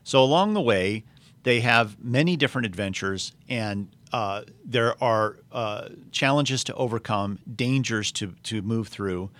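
A man retells a story in a conversational talk, pausing often with fillers and restarts. His voice sits on the lower side. He moves between summary and reading aloud. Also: fairly bright tone. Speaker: speaker retelling a novel.

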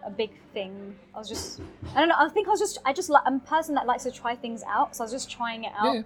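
A woman's voice: a little high, expressive, fast talker, faint music behind. Polished young English woman, chatty guest. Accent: polished southern English. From North London, England. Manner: chatty, laughs often, trails off softly. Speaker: guest, vlogger. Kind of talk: casual chat.

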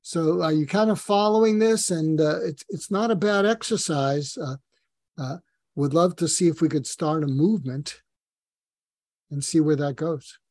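An older man, a psychiatrist, telling stories earnestly in an interview, pausing often to find his words. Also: fairly high pitch, darkish tone, no room sound. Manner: earnest, storytelling with acted quotes, frequent hesitations. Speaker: psychiatrist guest. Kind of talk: conversational interview talk.

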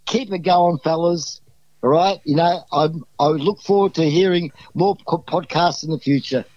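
Exuberant Australian man, high voice, muffled line. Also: moderate pace, darkish tone, no echo. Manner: exuberant, rambling, with many restarts. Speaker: podcast guest. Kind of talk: casual storytelling.

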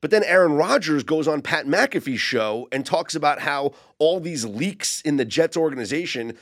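A man's voice: fairly high pitch, expressive, moderate pace, fairly bright tone. A man on a sports betting podcast panel, giving long, detailed explanations in casual chat.

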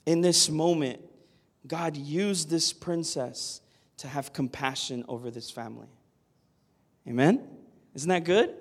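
A man's voice: fairly high pitch, measured pace. A man preaching a sermon, earnest and emphatic, often asking the listeners "Amen?". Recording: long hall reverb.

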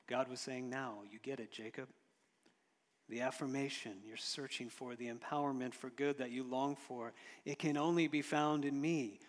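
A man preaching a sermon in a storytelling way, swinging from loud emphasis to hushed, quiet lines. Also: on the high side, big-room sound. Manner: storytelling, rises and drops in loudness, occasional chuckles. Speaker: pastor.

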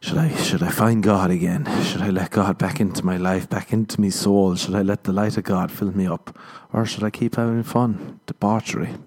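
A man's voice: low voice, steady tone, normal speed, few pauses, a little mellow. Irish man rambling comic podcast monologue. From Ireland. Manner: rambling, self-mocking storytelling with acted-out dialogue. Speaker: podcast host. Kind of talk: comedic solo podcast monologue.

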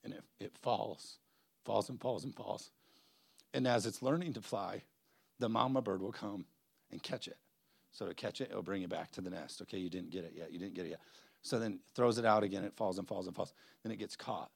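A man with a low, gravelly voice speaks as a pastor introducing a guest preacher. He tells a lively story, acting out the other people and laughing along. The sound is dry and close. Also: a little fast, no room sound. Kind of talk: church sermon introduction. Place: church sanctuary.

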